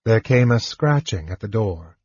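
A man narrating an audiobook in an even, measured reading. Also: fairly low pitch, breathy edge, no echo. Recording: dull, dry lo-fi recording.

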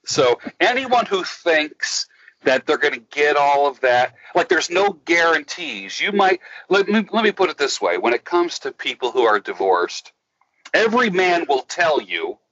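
A man speaking as an interview guest, giving life advice in a slow, emphatic, preacherly way with lots of repetition. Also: a little high, very animated, a bit bright, husky, no room sound, highs cut off. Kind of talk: interview, motivational talk.

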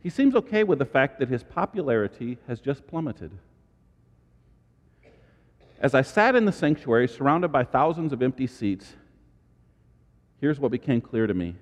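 A man preaching a sermon as pastor, animated, with dramatic asides and sudden high exclamations. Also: normal speed, long pauses, big-room sound.

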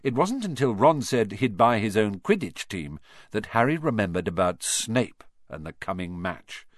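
A man reading a children's fantasy novel aloud as narrator in an expressive, lively way. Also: on the low side, moderate pace, no echo, clean studio sound. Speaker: audiobook narrator. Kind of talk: scripted narration.

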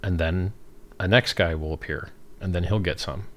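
Man, deep voice, livestream host, casual and rambling, chuckles between answers. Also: steady tone, normal speed, a bit bright. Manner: rambling, off-the-cuff, laughs at own remarks.

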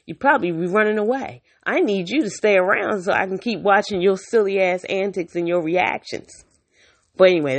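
A lowish-voiced vlogger speaks frankly to the camera in a casual, outspoken monologue, swearing now and then. As she tells her story, she performs the voices of the people she quotes.

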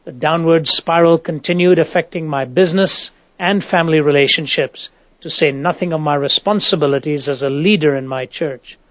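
A man narrating a nonfiction audiobook in a measured, earnest reading voice. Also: on the high side, steady tone, a bit bright, no room sound, muffled recording.

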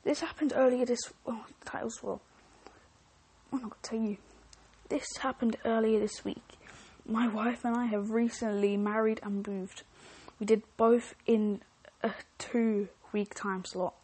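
A woman's voice: a little high, fairly even intonation, unhurried, darkish tone, husky. A woman podcast host reading online stories aloud, with chatty, joking asides and frequent self-interruptions.

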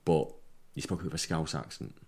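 An English man with a very low voice talks in a loose, rambling way, doubling back on his own words as he jokes with friends. He hosts a casual podcast chat from an attic room. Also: normal speed, a little mellow, breathy edge. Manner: rambling, jokey, repeats words.

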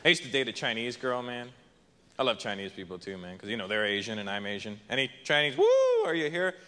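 Bright-voiced young comedian on stage. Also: male voice, fairly low pitch, brisk. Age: young adult. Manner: lively, punchy, jumps into voices. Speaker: stand-up comedian. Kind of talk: stand-up comedy set. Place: large festival stage. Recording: echoey hall, light hiss.

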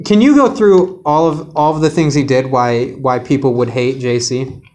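A man's voice: mid-range voice, moderate pace, darkish tone. A man co-hosting a casual podcast, joking around and rambling with lots of "like". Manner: jokey, rambling with many "like"s. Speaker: podcast co-host.

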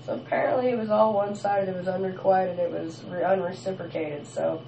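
A woman hosting a radio show in casual on-air chat, blunt and expressive and swearing freely. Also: on the low side, brisk, gravelly, slight background noise. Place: small radio studio. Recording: echoey distant lo-fi radio studio.

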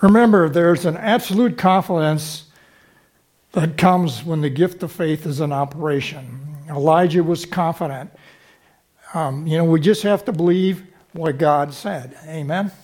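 High-voiced male preacher. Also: a little slow, a little mellow. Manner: teaching, with frequent rhetorical check-ins to the congregation. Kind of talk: sermon.

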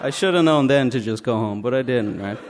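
A man's voice: medium pitch, fairly quick, a loud crowd, heavy background noise. A man from Dublin with a Dublin Irish accent, telling a funny, self-mocking story live onstage and acting out the voices. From Dublin, Ireland. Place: stage at a live story night.

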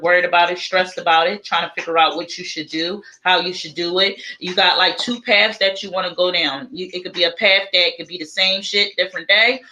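A woman with a bright, clear tone gives a casual live tarot reading. She talks in a chatty, looping way, repeating her questions and thinking aloud as each card turns up. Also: lowish voice, rough recording. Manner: chatty, repetitive, thinks aloud while drawing cards. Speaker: tarot reader.

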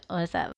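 A woman hosting her own live podcast, chatting casually and ranting with plenty of swearing and laughter. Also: mellow. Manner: ranting, profane, laughs often. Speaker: podcast host.

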